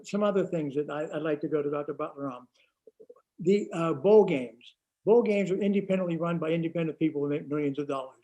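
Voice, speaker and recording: A man on a panel talking bluntly and heatedly in rapid bursts. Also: a little high, mellow. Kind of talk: panel discussion.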